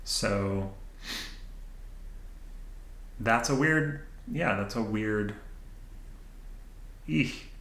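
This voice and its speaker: A man's voice: on the low side, very slow, long pauses, fairly bright tone, echoey room, poor audio. Self-mocking man rambling to camera. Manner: self-mocking, laughs often, talks back to his own thoughts. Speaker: channel host. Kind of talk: rambling unedited monologue. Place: indoor room, sitting at camera.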